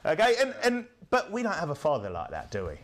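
A man's voice: on the high side, huge pitch swings, fast talker. A man preaching a sermon, punchy and rhetorical, who keeps checking in with the congregation through tag questions.

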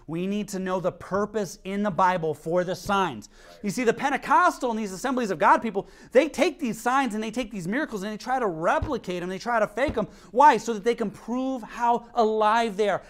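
A man preaching a sermon as pastor, telling stories animatedly and reading scripture aloud. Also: high-pitched. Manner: animated storytelling, acts out quotes, reads scripture.

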